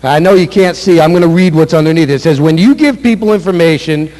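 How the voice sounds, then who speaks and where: A man's voice: fairly high pitch, fast, a little mellow. A man running a sales seminar, speaking emphatically, repeating key points and acting out sample sales calls. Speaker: sales trainer. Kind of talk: motivational sales seminar talk. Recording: echoey hall with long reverb.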